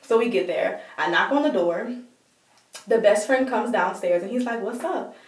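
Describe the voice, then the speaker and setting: A woman tells a personal story straight to camera in a casual, animated way, slipping into what others said and filling gaps with "like". Her voice sits at an ordinary middle pitch. She is recorded from a little way off, and the room adds a noticeable echo. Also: normal speed, distant mic. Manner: animated, acts out quoted dialogue, many "like" fillers. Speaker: storytime vlogger. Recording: roomy echo, voice set back from the mic.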